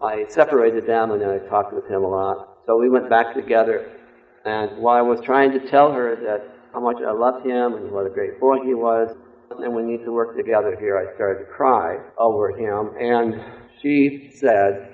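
A man's voice: steady tone, normal speed. Man, sermon, earnest and emphatic, roomy echo, thin phone-like sound. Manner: earnest, emphatic, varies pitch and loudness for stress. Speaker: preacher. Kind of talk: sermon with personal story. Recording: echoey room over a phone-like line.

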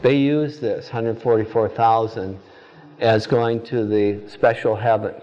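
A man's voice: on the low side, fairly even intonation, a little slow, darkish tone, lo-fi sound. A man teaching a Bible study class, firing pointed questions at his students and answering them himself.

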